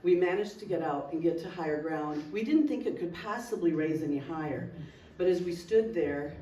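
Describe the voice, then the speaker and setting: Speaking in a roomy hall, a local resident shares an emotional story from her own life, vividly performing the dialogue. Her lowish, mellow voice is expressive at a moderate pace, picked up by a distant mic with faint noise.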